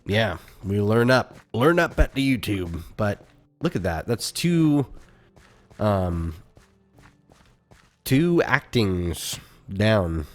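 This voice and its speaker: A man co-hosting a comedy podcast, talking casually in a halting, joking way. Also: on the low side, big pitch swings. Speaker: podcast co-host.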